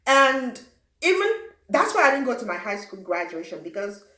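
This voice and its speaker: A young woman from Africa telling a personal story in a lively way, acting out what people said and adding sound effects. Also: fairly high pitch, normal speed. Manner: animated, acts out quotes and sound effects. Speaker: vlogger. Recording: roomy echo.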